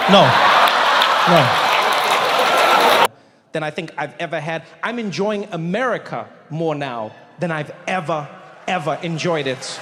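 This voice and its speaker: A man performing a stand-up comedy set, telling stories with animated impressions. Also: sits high. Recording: large hall, loud audience, noisy.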